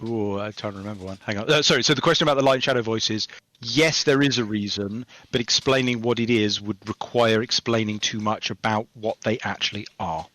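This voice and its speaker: A man talking as a game developer guest on a podcast, rambling and hesitant, then animated when telling stories. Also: fairly low pitch, fairly quick, dry recording. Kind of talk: casual podcast chat.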